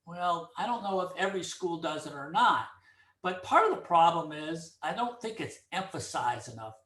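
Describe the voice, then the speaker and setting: A middle-aged man holds forth in a casual monologue, his fairly high voice bright and forceful. He tells stories with lots of energy and acts out each exchange. The sound has an echoey, roomy ring. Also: normal speed. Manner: animated storyteller, acts out dialogue. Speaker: speaker giving commentary. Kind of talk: casual opinion monologue with anecdote.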